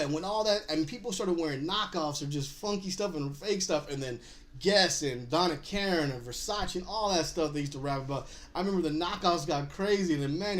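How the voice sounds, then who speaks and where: Male host, 30s, casual recap talk, chatty with frequent laughs. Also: high-pitched. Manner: chatty, laughs often while retelling scenes.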